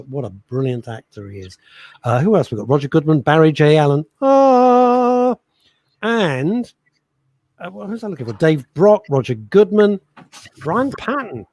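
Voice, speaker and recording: A middle-aged man co-hosting a radio show, chatting and teasing his partner in a joking, animated way. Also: fairly high pitch. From England. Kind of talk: casual chat radio show.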